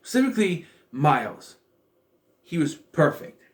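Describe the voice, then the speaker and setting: A man's voice: fairly high pitch, very animated, unhurried. A man giving a casual spoken review of a show, rambling and thinking aloud as he restarts his sentences.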